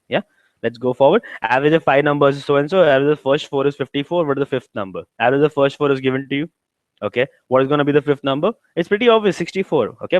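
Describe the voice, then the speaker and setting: A man's voice: medium pitch, no echo, low-quality recording. A man with an Indian English accent, lecturing on exam preparation and walking through questions step by step with frequent rhetorical questions. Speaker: exam prep tutor. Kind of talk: classroom lecture.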